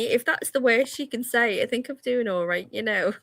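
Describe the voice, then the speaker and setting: Brief: woman, 40s, casual radio co-host, storytelling and laughing, slightly high voice, dry close mic. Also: moderate pace, hardly any pauses, fairly bright tone, dry recording. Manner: chatty storyteller, laughs often, mimics her kids; casual, uses dialect forms like "me" for "my". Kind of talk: casual chat.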